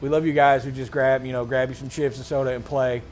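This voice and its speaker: A man hosting a casual tabletop gaming chat, slangy and rambling, getting excited as he talks. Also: medium pitch, fast talker, slight background noise. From Mid-Atlantic United States. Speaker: host.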